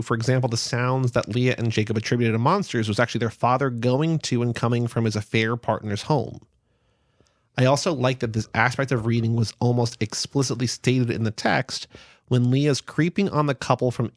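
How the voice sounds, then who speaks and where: Podcast guy, dry teasing, reads his notes out loud, mid-pitched, dead dry room. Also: no room sound. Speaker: podcast co-host. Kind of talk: casual book-club chat.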